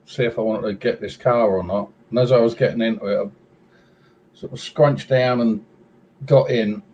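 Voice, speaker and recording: A man's voice: on the low side, steady tone, normal speed, darkish tone, lo-fi sound, a little hiss or hum. Wry English man with Essex accent. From England. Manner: wry, anecdotal. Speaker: regular chat guest. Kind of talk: casual chat.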